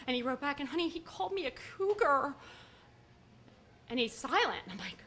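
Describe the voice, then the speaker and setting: Animated, high-strung woman storyteller. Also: a little fast, a little hiss or hum. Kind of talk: live storytelling performance. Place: live stage at a story slam.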